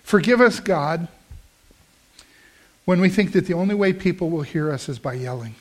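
A man preaching a sermon, telling a story and praying, dropping soft for calm quoted lines and rising when he prays. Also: fairly high pitch, moderate pace. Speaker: pastor. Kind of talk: sermon with closing prayer.

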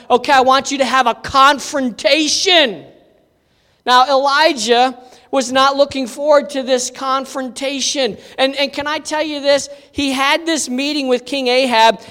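A middle-aged pastor preaching a sermon in a church, telling a personal story in a relaxed, conversational way with fillers, restarts and rhetorical questions to the congregation. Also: medium pitch. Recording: long hall reverb.

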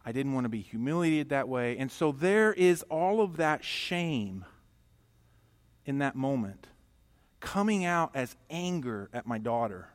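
A middle-aged pastor preaching a sermon, telling a personal story and moving from loud emphatic passages to quiet, intimate ones. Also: male voice, mid-range voice, expressive, a little slow.

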